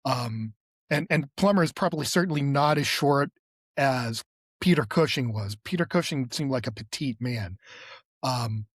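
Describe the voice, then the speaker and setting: Male podcast co-host, casual and rambling, mid-pitched voice, dry studio sound. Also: animated, moderate pace, breathy edge, no room sound. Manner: rambling, lots of fillers and restarts. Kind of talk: casual chat.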